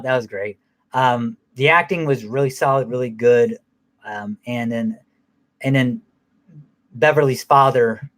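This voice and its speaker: A man giving a casual spoken movie review, rambling and swearing heavily, with lots of restarts. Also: mid-range voice.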